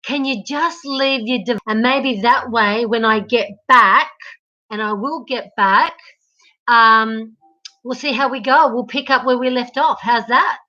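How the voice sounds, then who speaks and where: A woman's voice: on the high side, unhurried, sharp tone, muffled recording. A woman chatting casually with viewers of her home livestream, talking straight to them through a laptop mic. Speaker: livestream host. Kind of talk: casual live-stream chat. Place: at home, moving between rooms.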